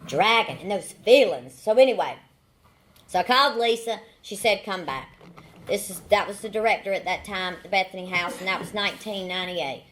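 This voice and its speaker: Fairly quick and fairly bright in tone, this medium-pitched woman in her forties from the Southern US tells her AA recovery story. She uses a folksy, humorous delivery with repeated phrases and dry wit.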